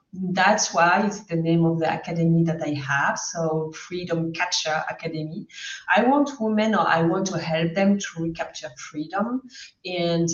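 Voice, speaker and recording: A woman with a mixed French and German accent, a guest coach speaking in a casual interview, laughing often and searching for words. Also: lowish voice. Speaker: guest, life and career coach. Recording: distant, roomy, dull video call audio.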